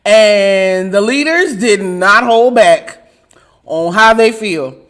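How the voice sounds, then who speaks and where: A woman's voice: mid-range voice, expressive, slow, fairly bright tone. A woman hosting a live online talk show, joking and affectionate with her viewers as she signs off, laughing often. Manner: churchy, affectionate toward viewers. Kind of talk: casual live-stream sign-off chat.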